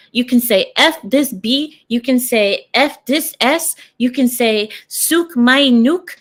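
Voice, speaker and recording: A young woman rants to her viewers in a loose, sarcastic vlog. She rambles, asks them questions and drifts off topic as she goes. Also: fairly high pitch. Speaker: vlogger. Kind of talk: casual talking-head rant.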